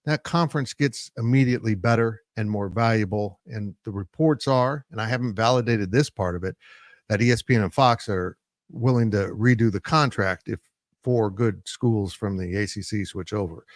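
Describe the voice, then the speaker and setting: A male sports analyst discussing college football in a measured, analytical way, with frequent "uh" fillers. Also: fairly low pitch, no room sound, clean studio sound. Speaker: sports site publisher and analyst.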